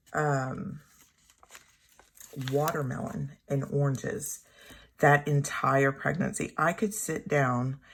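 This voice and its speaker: A woman in her thirties telling a personal story at home in a rambling, halting way, often correcting herself. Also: low-pitched, gravelly, slight background noise. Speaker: planner vlogger. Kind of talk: casual storytelling while journaling. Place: home room.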